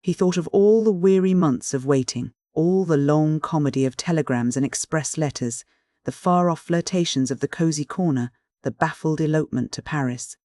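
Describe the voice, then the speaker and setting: Measured audiobook reader, dry close sound. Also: mid-range voice, warm tone, no echo. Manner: measured, literary reading. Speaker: audiobook narrator. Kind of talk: scripted narration of a Victorian story.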